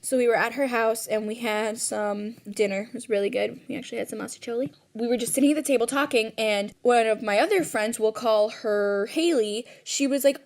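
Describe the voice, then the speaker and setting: A woman's voice: on the high side, brisk, few pauses. A woman retelling a scary personal story in casual, rambling speech full of "like" fillers, recorded at home.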